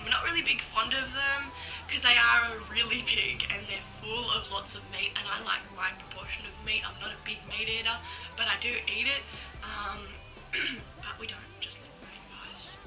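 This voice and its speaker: Chatty bright Australian young woman. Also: medium pitch, poor audio. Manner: chatty, indignant, lots of "um" and "like". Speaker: vlogger. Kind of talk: casual vlog monologue.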